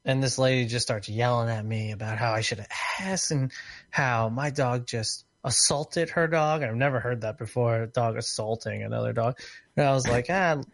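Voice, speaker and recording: A man chatting casually on a podcast, telling an animated, joking story. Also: medium pitch, moderate pace, vocal fry, no echo.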